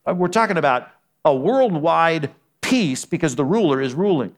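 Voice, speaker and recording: A male pastor delivering a sermon with a lively, swinging pitch that sits a little above the usual for a man. He talks to his listeners casually, firing off rhetorical questions and dropping his voice low to press a point. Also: normal speed. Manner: conversational preaching with rhetorical questions and sudden drops in voice.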